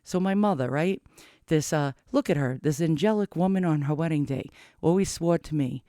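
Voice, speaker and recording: A middle-aged man rambling anxiously to camera in a casual confessional vlog, cursing often and cracking dark jokes. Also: fairly high pitch, moderate pace, dry recording, studio quality. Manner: rambling, profane, darkly joking. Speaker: vlogger.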